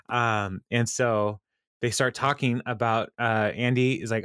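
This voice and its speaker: A man's voice: mid-range voice, steady tone, normal speed, a bit bright, smooth, dry recording, studio quality. A man hosting a podcast, retelling a TV episode in casual chat, laughing often and acting out the quotes. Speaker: podcast host.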